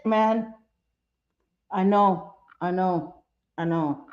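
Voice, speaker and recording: A woman's voice: lowish voice, measured pace, mellow, muffled recording. A woman hosting a livestream, ranting angrily and repeating herself while reading viewer comments. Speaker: livestream host.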